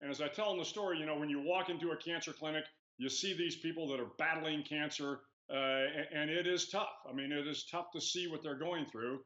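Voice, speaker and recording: A man in his sixties, a retired admiral, answering interview questions in a measured storytelling way with many "uh"s and "you know"s. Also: fairly high pitch, steady tone, fairly bright tone. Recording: echoey lo-fi remote audio.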